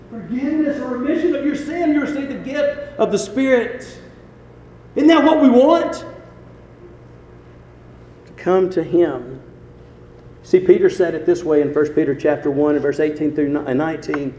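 A male preacher delivers his sermon in a fairly high voice for a man. He eases into quiet storytelling, then slows and lifts for emphatic scripture lines. The sanctuary rings with heavy echo and a long reverb tail over faint room noise. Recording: echoey hall with long reverb.

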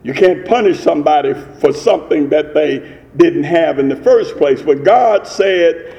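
Male preacher, high lively voice, slow and drawn out, big echoey church hall, kinda muffled. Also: vocal fry. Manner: emphatic, preaching in rising cadences and repetitions. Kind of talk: sermon.

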